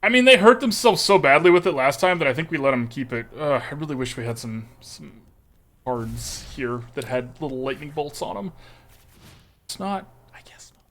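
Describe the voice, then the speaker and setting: A man's voice: fairly high pitch, lively intonation, brisk, a bit bright. A man streaming a card game, chatting and joking with viewers in a put-on, exaggerated Texas drawl. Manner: folksy, joking, chats with viewers. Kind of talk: casual live-stream commentary.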